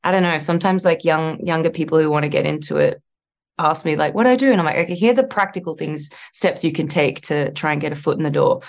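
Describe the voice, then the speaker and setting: An Australian woman with a low voice chats freely in an interview. She talks in quick, looping sentences, stacking fillers and restarts as she thinks aloud. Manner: chatty, lots of likes and restarts, animated. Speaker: actress guest. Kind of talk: casual interview chat.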